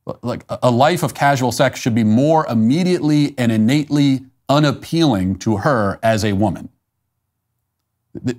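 A man's voice: medium pitch, darkish tone. A man hosting an opinion show, delivering a blunt, emphatic and scornful monologue. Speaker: host.

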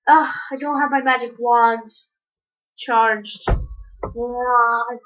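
A woman giving casual, rambling commentary while playing a game, breaking into sudden excited yelps. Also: on the high side, drawn-out words. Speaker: gamer. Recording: dull lo-fi recording.

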